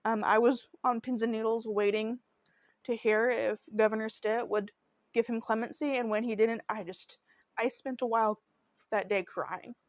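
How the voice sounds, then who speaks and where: Woman, true crime podcast host, earnest, emotional, fairly high voice, dry close sound. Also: fairly even intonation, moderate pace, dry recording. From Oklahoma. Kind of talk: podcast narration.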